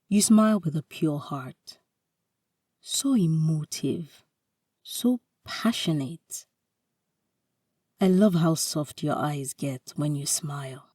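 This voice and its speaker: A devoted young husband murmurs earnestly, half-whispering, as a woman reads him. His voice sits low and slow. The recording is dry, and the mic is a little far off. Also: a little mellow, no echo, exaggerated voice. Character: devoted loving young husband, soft-spoken.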